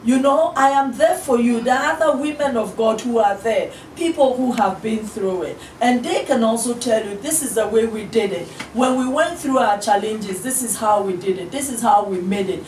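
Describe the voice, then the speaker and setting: A woman's voice: on the high side, normal speed, few pauses, darkish tone. A middle-aged woman minister, a guest on an interview show, speaking in an earnest, encouraging way and acting out the voices she quotes. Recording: roomy studio audio from a distant mic, faint hiss.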